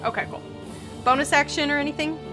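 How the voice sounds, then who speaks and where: A woman running a tabletop game as game master, describing the action vividly between quick rules checks. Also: sits high, over music.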